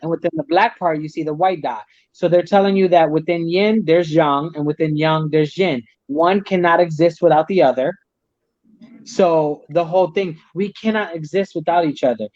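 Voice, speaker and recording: A man with a somewhat high voice talks casually as a guest on a talk show. He explains ideas at length, circling back and restarting his sentences. The audio is dry and a little dull. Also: normal speed, a little mellow, no room sound. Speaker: guest, Chinese medicine practitioner.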